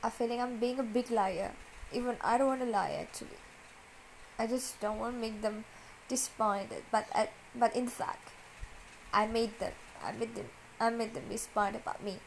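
Hesitant, soft-spoken woman venting. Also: fairly high pitch, fairly even intonation, creaky, slight background noise, low-quality recording. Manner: hesitant, halting and repetitive, searching for words. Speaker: vlogger. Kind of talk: personal confessional monologue.

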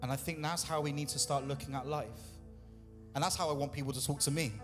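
Man, pastor, chatty sermon, slightly high voice, long hall reverb. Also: fairly even intonation, quick pace, music in the background. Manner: conversational preaching, acts out quoted voices, asks the congregation questions. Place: church hall.

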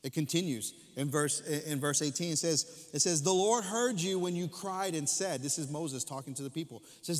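A middle-aged male pastor with a notably high voice, preaching in a church hall with a long echo. He repeats key phrases and swings between loud, drawn-out lines and hushed asides. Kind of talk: sermon. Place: church sanctuary.

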